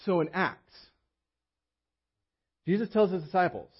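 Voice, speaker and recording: A man's voice: high-pitched, a little slow, breathy edge. A male pastor giving a conversational sermon, often slipping into quoted voices of the people he describes. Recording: muffled lo-fi sermon audio.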